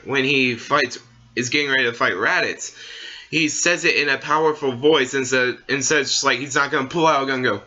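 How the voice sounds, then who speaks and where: A man's voice: medium pitch, fairly even intonation, normal speed, pushed and bright, muffled recording. A young man ranting casually to camera as a vlogger, rambling along with many fillers and restarts. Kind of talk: casual opinion rant.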